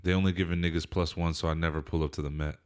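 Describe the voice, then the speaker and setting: A man's voice: deep voice, little pitch movement, rapid-fire, clear, resonant tone. A young man co-hosting a casual podcast chat, laid-back and enthusiastic, with lots of slang. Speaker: podcast co-host.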